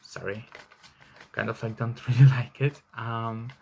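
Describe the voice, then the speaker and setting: A man's voice: medium pitch, normal speed, gravelly, darkish tone, slight background noise. Man, giving an emphatic tarot reading. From Russia. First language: Russian. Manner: chatty and emphatic, heavy on "like" fillers and swearing. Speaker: tarot reader. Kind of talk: casual tarot reading to camera.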